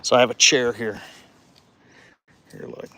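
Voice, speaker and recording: A man casually livestreaming from a residential street, cheering a child on and rambling with halting restarts into his phone. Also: mid-range voice, fairly even intonation, gravelly, bright, forceful tone. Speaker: vlogger livestreaming. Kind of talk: casual live-stream chat.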